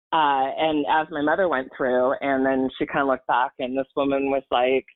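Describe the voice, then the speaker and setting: A woman's voice: extremely low pitch, flat delivery, moderate pace, no echo. A woman in her forties telling a personal story in a podcast chat, earnest and emotional, rambling with fillers and restarts. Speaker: podcast guest. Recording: tinny phone-like line, dry.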